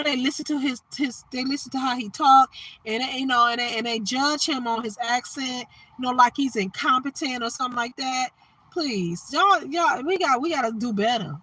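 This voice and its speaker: A woman's voice: high voice, fairly quick, bright, forceful tone, breathy edge. Emphatic woman preaching on a phone live. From Detroit, Michigan. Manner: emphatic, repeats "you understand what I'm saying". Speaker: livestream host. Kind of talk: preachy livestream monologue.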